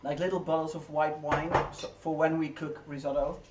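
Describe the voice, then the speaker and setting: A woman's voice: low voice, flat delivery, fairly quick, heavy background noise. Chatty woman cooking, echoey kitchen. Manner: chatty, reads chat aloud, laughs easily. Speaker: livestream co-host. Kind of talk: casual chat while cooking. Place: home kitchen. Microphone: distant room mic. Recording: echoey kitchen from far off, clattering pans.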